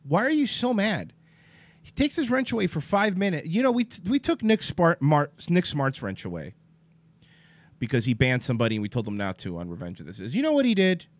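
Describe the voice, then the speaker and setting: His slightly high voice swings hugely in pitch at a somewhat fast pace, recorded dry. He's a livestream host venting an exasperated, profanity-laced rant at his chat viewers, naming them as he goes.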